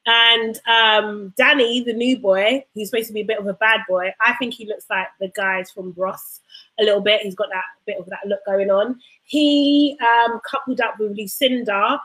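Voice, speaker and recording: A woman's voice: medium pitch, steady tone, normal speed, pushed and bright, poor audio. A woman co-hosting a casual chat show, telling stories with a laugh. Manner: chatty, laughing storyteller. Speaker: podcast co-host.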